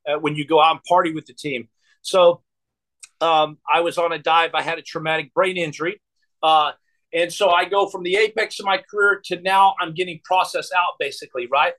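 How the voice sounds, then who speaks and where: High, bright-voiced man telling war stories. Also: fairly even intonation, brisk, rough recording. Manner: rambling, repeats words, frequent fillers. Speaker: guest. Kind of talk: storytelling in a podcast interview.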